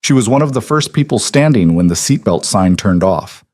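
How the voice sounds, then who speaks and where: A man narrating a scripted story in a calm, measured way. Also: lowish voice, no room sound, studio quality.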